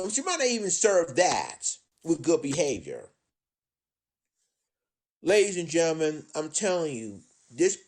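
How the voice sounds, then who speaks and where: A man giving indignant live-stream commentary, addressing his audience as ladies and gentlemen, often repeating himself. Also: a little high. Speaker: commentator on current events.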